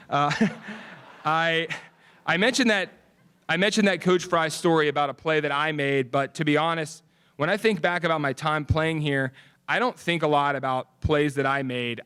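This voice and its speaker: A man's voice: fairly high pitch, a bit bright, clear, resonant tone. A young man giving an earnest acceptance speech at an alumni ceremony, telling stories with easy chuckles and casual fillers. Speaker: alumni award speaker. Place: ceremony venue.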